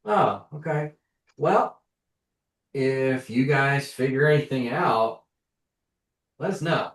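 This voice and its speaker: A man puts on a smooth, smarmy male stranger who dodges questions with easy politeness. He is heard from a distance in a roomy space, with a plain everyday voice. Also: on the high side, close to an everyday voice. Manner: smug and slightly halting. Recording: roomy sound from a distant mic.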